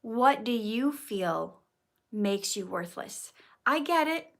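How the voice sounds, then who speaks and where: Slow, chatty woman livestreaming to viewers. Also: fairly high pitch, lively intonation, vocal fry. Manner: chatty and encouraging, reads chat comments aloud. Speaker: livestream host answering viewer comments. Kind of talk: casual livestream chat.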